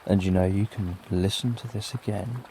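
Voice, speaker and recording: A middle-aged British man narrating a bedtime story for sleep, gentle and lulling with plenty of repetition. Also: deep voice, steady tone, moderate pace, slight background noise. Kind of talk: slow soothing bedtime storytelling. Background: soft rain.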